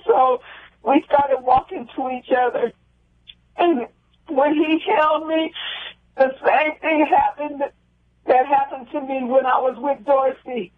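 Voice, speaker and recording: A woman calling in as a guest, telling a personal story in a halting, heartfelt way that circles back on itself. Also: sits high, steady tone, no room sound. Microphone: telephone. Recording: tinny phone line.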